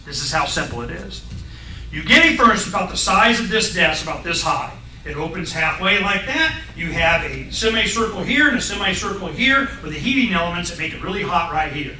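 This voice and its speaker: A middle-aged man on a radio talk show, explaining science in a blunt, folksy, excitable way and acting out voices in his stories. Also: high-pitched, echoey room, far from the mic, low-quality recording.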